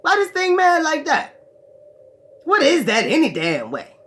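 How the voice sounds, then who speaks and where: A woman voicing nosy pagan villagers, asking baffled questions slowly. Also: high-pitched, wildly swooping pitch, a bit bright, voice pushed up, exaggerated voice.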